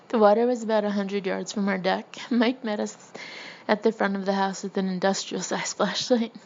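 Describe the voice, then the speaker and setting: A woman's voice: medium pitch, fairly even intonation, moderate pace. A woman reading her own funny memoir aloud, often breaking into laughter as she goes. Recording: slightly dull lo-fi recording with faint background hiss.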